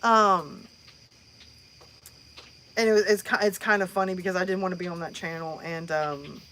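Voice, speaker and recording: A woman's voice: lowish voice, steady tone, moderate pace, fairly bright tone, a little hiss or hum. Woman rambling on a chill live stream, lots of ums, faint crickets behind. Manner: rambling, chatty, many fillers and restarts. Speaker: host. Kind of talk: casual live-stream chat.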